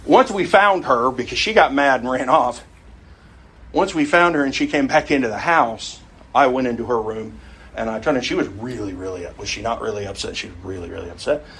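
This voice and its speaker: A man's voice: medium pitch, fairly quick, a bit bright, breathy edge. A middle-aged man teaching an adult Sunday school class in a conversational way, often putting questions to the group.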